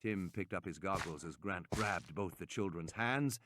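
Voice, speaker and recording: A man reading a novel aloud with expressive, dramatic pacing, with loud gunfire behind. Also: deep voice, moderate pace, background noise. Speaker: audiobook reader.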